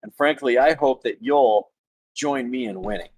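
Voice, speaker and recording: A man in a tabletop role-play game voicing a boastful, womanizing male adventurer who gives a drawn-out seductive speech. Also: mid-range voice, sing-song, creaky, a little mellow.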